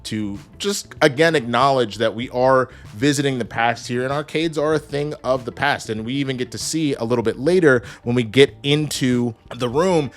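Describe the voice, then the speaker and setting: A man in his thirties giving an energetic, joking casual spoiler review, swearing and acting out characters. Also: mid-range voice, moderate pace, hardly any pauses. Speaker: show reviewer.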